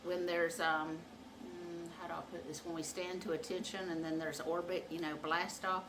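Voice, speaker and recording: A woman hosting her own channel, chatting casually and acting out quotes loudly as she tells a comic story, often laughing. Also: on the low side, flat delivery, normal speed, background noise. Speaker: channel host. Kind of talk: casual chat.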